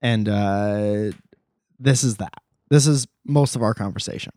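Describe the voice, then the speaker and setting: A man's voice: fairly low pitch, unhurried, warm tone, dry recording. A man hosting a podcast, telling a rambling story in casual chat and often correcting himself mid-sentence. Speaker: podcast host.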